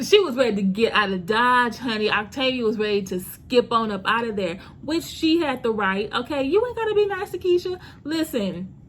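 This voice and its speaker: A young woman chatting casually as a TV recap vlogger, sassy and animated, talking straight to her viewers with lots of "girl" and "honey". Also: on the high side, slight background noise.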